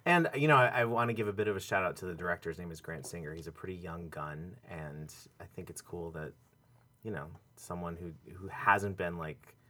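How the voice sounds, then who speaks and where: A man's voice: sits low, fairly quick, bright, forceful tone. A man hosting a podcast, chatting casually and enthusiastically with a panel and laughing often. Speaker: podcast host.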